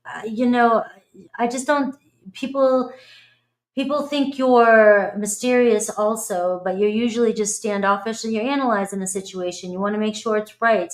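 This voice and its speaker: A middle-aged woman giving a casual, blunt tarot reading, chatty and swearing freely. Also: medium pitch. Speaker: tarot reader.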